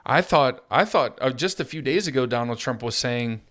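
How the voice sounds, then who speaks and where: A man's voice: mid-range voice, animated, moderate pace, fairly bright tone. Sarcastic male political commentator. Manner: sarcastic, mocking. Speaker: host.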